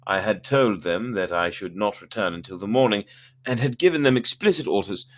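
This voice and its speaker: A man with a lowish voice reads a classic tale aloud on a live stream. He goes at an unhurried pace and sometimes stumbles and corrects himself. The reading is plain and steady. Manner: unhurried reading with small slips and self-corrections. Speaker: story reader.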